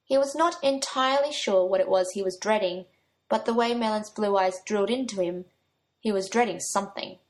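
A woman's voice: mid-range voice, fairly quick. A woman reading a story aloud, giving her own light touch to the young men's lines. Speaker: narrator.

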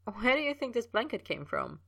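A woman doing an eager young man, higher. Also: sing-song, a little fast, gravelly, a bit bright, no room sound, recorded from a distance, exaggerated voice. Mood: cheeky.

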